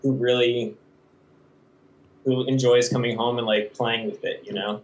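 A man's voice: mid-range voice, level tone, a little slow, low-quality recording. A man chatting casually about making videos, rambling with frequent restarts and laughs. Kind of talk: casual conversation.

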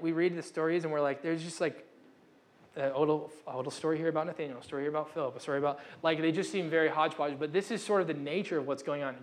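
Young male pastor, casual conversational sermon, slightly higher voice, self-interrupting, acts out the dialogue.

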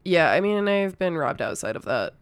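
A woman's voice: fairly low pitch, sing-song, normal speed, smooth, no room sound. A woman co-hosting a podcast, telling a personal story in a casual, hesitant way with many fillers. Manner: hesitant, full of "like" and "um". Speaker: podcast co-host.

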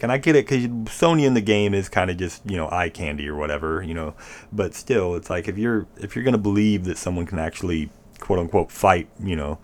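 A man chatting casually as a podcast co-host, opinionated and rambling, swearing freely. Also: low-pitched. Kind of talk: casual chat.

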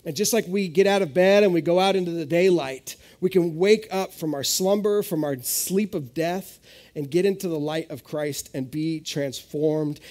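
A man in his thirties preaching a sermon at a live church service, telling stories with sudden jumps in pitch and loudness. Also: normal speed. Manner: animated storytelling with sudden rises in pitch. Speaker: pastor.

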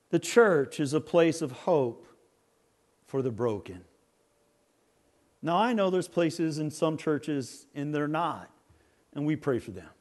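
A man preaching a sermon as pastor, swinging from soft, slow lines to loud, emphatic ones. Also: on the high side.

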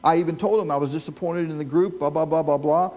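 This pastor talks fast, his voice a little high and darkish with fairly even intonation. He preaches to a live congregation in church, weaving in stories and putting questions to the people listening.

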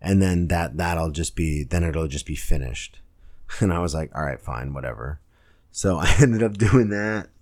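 Young guy doing a solo podcast rant, super low voice, lots of likes and ums. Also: a little slow, a little mellow. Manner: rambling, filler-heavy storytelling. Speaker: podcast host and stand-up comic. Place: home room, girlfriend nearby.

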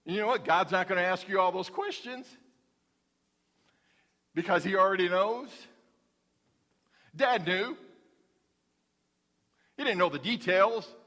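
Male pastor, folksy humorous sermon, high pitch, echoing sanctuary. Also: expressive, measured pace, long pauses, bright, forceful tone. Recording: long hall reverb.

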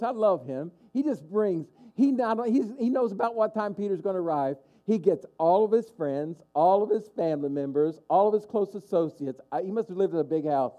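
A man's voice: on the high side, warm tone, dull audio. A man pastor preaching a sermon, stirring and passionate, calling out to the congregation. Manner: impassioned preaching with call-and-response asides.

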